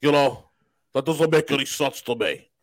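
A man's voice: medium pitch, moderate pace, no echo, studio quality. A man hosting a podcast, joking and teasing his co-hosts in casual banter. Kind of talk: casual chat.

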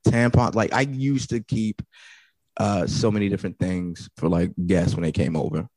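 Easygoing man, low voice. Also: moderate pace, dry recording. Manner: relaxed, easygoing, swears casually. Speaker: podcast guest. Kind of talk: casual chat.

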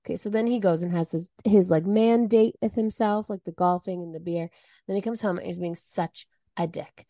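On a podcast she co-hosts, a woman animatedly tells a story and performs the quoted lines with wide vocal swings. Her voice is lowish and moderately paced, and the studio sound is clean and dry.

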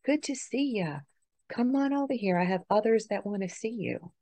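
A woman's voice: mid-range voice, lively intonation, moderate pace, dark tone, pitched above the performer's own voice. A woman voicing the kindly spirit of a deceased aunt, welcoming someone into the light in a raised, airy voice.

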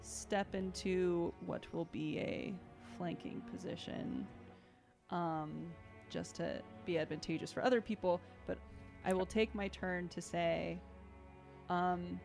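Gravelly-voiced woman thinking aloud. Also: lowish voice, steady tone, slow pace, darkish tone. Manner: hesitant, giggly, thinking aloud. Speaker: player. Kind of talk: tabletop game chat. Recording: light background music.

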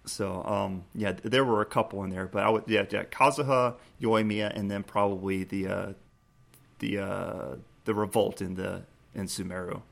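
A man with a lowish, gravelly voice at normal speed co-hosts a gaming podcast in a casual style. Choked up with laughter, he recounts a game scene in lively fashion, with many restarts and acted-out prompts.

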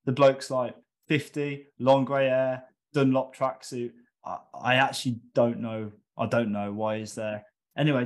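A man on a podcast telling a comic football story, lively, with loud high-pitched bursts when quoting others. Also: moderate pace. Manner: animated, shouts quoted lines in a high voice. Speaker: guest storyteller.

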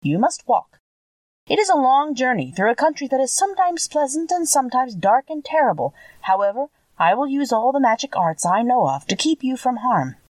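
A woman's voice: high-pitched, very animated, normal speed, no echo, distant mic, pitched above the performer's own voice. A woman putting on a kindly little old witch. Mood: gentle. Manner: gentle, solemn.

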